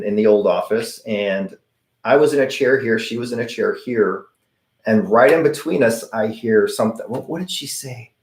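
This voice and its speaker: The host of a paranormal channel, a middle-aged man with a slightly low voice, answers viewer questions on a live Q&A stream. He replies chattily through stories, acting out the voices he quotes, in an echoey room.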